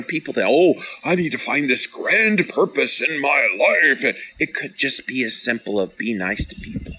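The speaker is a middle-aged podcast host whose voice is on the low side with a sharp tone, captured in a low-quality recording. Casual and earnest, he encourages his audience and reads out their live comments with playful drama, as a motivational talk.

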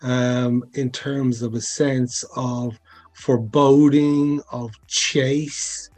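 Chatty sound designer. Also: male voice, mid-range voice, flat delivery, drawn-out words, darkish tone. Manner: chatty, many fillers, asks for agreement. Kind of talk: podcast interview.

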